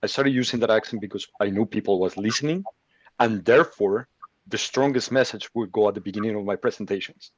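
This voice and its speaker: A man on a panel, enthusiastic and quick to agree, stumbling over his restarts, heard through dull lo-fi audio. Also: on the low side, dry recording. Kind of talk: panel discussion.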